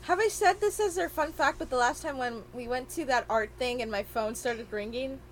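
A young woman co-hosting a podcast in casual chat, excitable and loud at times. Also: sits high, normal speed, background noise. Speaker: podcast co-host. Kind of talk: casual chat among friends.

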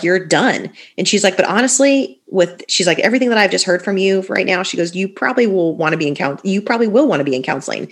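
A woman's voice: on the low side, a bit bright. Candid, rambling woman telling her story. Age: 30s. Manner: candid, rambling, many fillers and restarts. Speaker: guest sharing her story. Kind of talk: personal storytelling in conversation.

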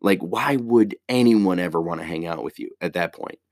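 A man's voice: low voice, normal speed, darkish tone, no room sound, studio quality. A man on a casual, rambling rant, heated and swearing heavily.

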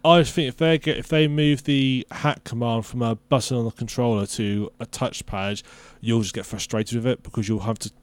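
A man's voice: mid-range voice, moderate pace, few pauses, clear, resonant tone, no room sound. A man, co-hosting a podcast and acting out the lines of the people in his stories. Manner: animated storyteller acting out quotes. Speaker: podcast co-host. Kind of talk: casual chat.

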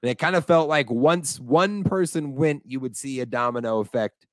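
A young American man co-hosting a casual sports podcast, talking with animated enthusiasm and laughing easily. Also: mid-range voice, moderate pace, no room sound. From United States. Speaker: podcast co-host.

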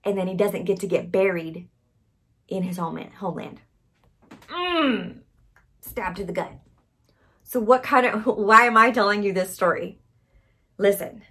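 Breathy woman preaching with dramatic swings. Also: medium pitch, unhurried, long pauses. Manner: expressive storytelling, frequent "okay?" check-ins, dramatic swings from whisper to loud. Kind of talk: sermon.

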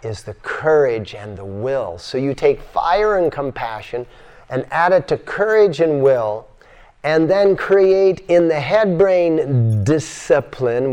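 An older man delivers a spiritual lecture to a yoga center class in a clean, mid-range voice. He's animated, acting out voices as he repeats his phrases.

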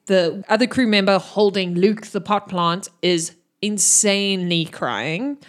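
A woman narrating a tabletop role-playing game as the game master, describing scenes in detail. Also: medium pitch. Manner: descriptive, with frequent restarts and laughter.

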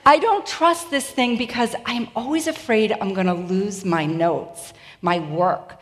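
A woman's voice: mid-range voice, unhurried. Boston woman preaching in a reverberant church. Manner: chatty, self-deprecating, animated storytelling. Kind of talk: sermon. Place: church sanctuary. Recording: long reverb of a church hall.

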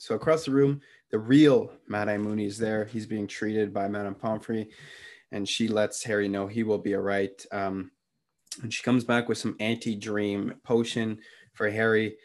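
Young male podcast co-host, slightly low voice, casual slangy recap full of fillers. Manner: relaxed, slangy retelling with many fillers.

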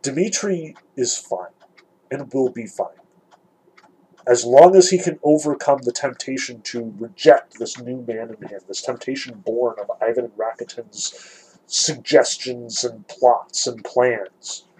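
A man lecturing on a novel, explaining passages in a thoughtful, measured way. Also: medium pitch, dark tone, breathy edge, low-quality recording. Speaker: literature lecturer. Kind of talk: lecture with dramatic read-aloud passages.

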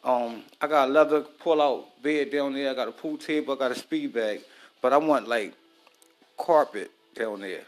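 A man's voice: medium pitch, normal speed, faint music behind. Profane married man chatting while cooking. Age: adult, married. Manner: loose, profane, talks straight to viewers. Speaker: vlogger. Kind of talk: casual chat while cooking.

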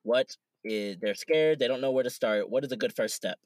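A man's voice: mid-range voice, normal speed, no room sound. Man, podcast host, easygoing, small closet, dry sound. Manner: easygoing, asks questions. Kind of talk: casual podcast talk.

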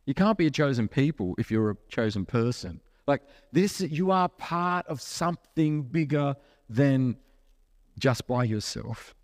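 A man's voice: medium pitch, expressive, a little slow, a little mellow, no room sound, clean studio sound. Man preaching a conversational sermon. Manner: conversational preaching with rhetorical questions and acted-out asides. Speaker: pastor.

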